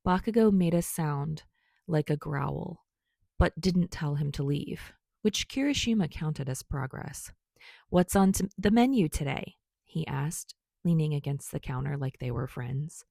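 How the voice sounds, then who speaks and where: A woman reading fan fiction aloud as a podcast narrator, in calm, even storytelling. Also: sits low, a little slow, creaky, dry recording, clean studio sound. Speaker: podfic reader.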